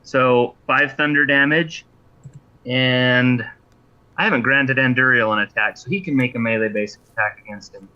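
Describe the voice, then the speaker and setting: Man player, bright forceful voice, careful rules talk, dull lo-fi mic. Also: medium pitch, steady tone, normal speed. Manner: methodical, asks rules questions. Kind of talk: casual tabletop game chat.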